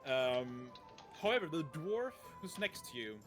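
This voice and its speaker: A man's voice: on the high side, sing-song, unhurried, a bit bright. A man narrating as game master, casual and hesitant, with faint background music. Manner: casual, hesitant, many fillers.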